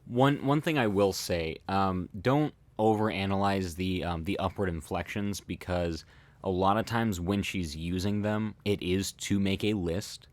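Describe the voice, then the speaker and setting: Deep-voiced man explaining with many fillers. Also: dry recording. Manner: thoughtful, halting, many fillers and restarts. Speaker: host analyzing body language. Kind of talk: casual explanatory commentary.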